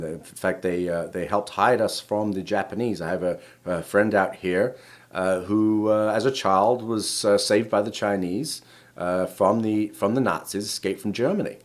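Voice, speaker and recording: Rambling middle-aged rabbi, "right?". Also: male voice, lowish voice. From England. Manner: rambling, many restarts, keeps asking "right?". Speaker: rabbi and show host. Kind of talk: casual spoken lesson.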